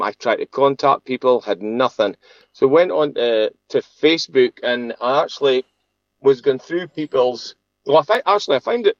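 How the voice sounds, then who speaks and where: A man's voice: medium pitch, dry recording, lo-fi sound. A man, a sheep farmer being interviewed, telling a long story casually with many restarts and laughs. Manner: chatty, halting, laughs often, many restarts.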